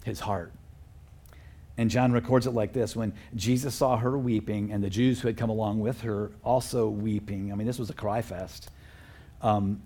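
Male pastor, husky timbre, earnest conversational sermon delivery. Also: lowish voice, warm tone. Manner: conversational, earnest, with fillers and chuckles.

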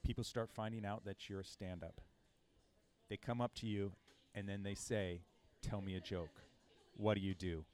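A man's voice: fairly low pitch, fairly even intonation, normal speed, a little mellow, clear, resonant tone. A man in his thirties hosting a casual comedy podcast, laid-back and teasing, laughing often as he asks his guests questions. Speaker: podcast host. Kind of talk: casual chat.

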